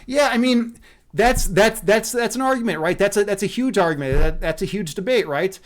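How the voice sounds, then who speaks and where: A man's voice: high voice, lively intonation, moderate pace. A man chatting casually on a livestream, rambling and profane, laughing often. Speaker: streamer.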